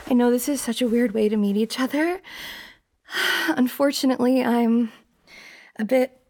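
A young woman performing a one-sided role-play monologue, flustered and breathy, with frequent sighs and half-whispered lines. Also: on the high side, moderate pace, a little mellow.

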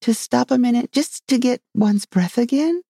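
A man's voice: sits high, expressive, moderate pace, gravelly, no room sound, clean studio sound, voice pushed up, full character voice. A man voicing a polite, curious young girl in a storybook reading. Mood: breathless polite. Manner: polite, inquisitive.

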